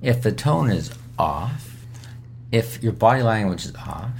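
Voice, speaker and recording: Speaking fairly low and creaky, this male doctor is very animated yet unhurried as he gives emphatic, repetitive coaching tips in interview answers. A little hiss or hum is audible.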